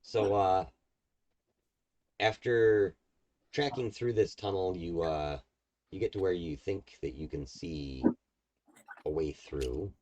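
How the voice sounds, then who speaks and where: Deep-voiced man running a tabletop game. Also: takes it slowly, pauses often, darkish tone. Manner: loose, rambling, many fillers and restarts. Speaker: game master.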